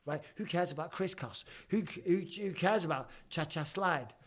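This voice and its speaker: A man in his forties chats casually on a live stream, his voice sitting a touch higher than most men's. He is blunt and swears freely, teasing viewers with mock irritation as he reads their comments. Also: normal speed. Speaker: host of a live show.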